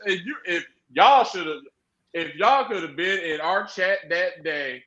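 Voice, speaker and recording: A man co-hosting a casual wrestling review stream, talking in an animated, laughing, profane way. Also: sits high, a little slow, echoey room, lo-fi sound. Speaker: podcast co-host.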